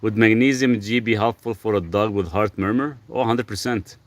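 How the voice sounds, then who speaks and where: A man from Lebanon hosting a casual livestream, answering viewers' health questions in a relaxed, rambling way. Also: lowish voice, normal speed, dry recording. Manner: relaxed, rambling, talks softly to his dog between questions. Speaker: health channel host answering live chat.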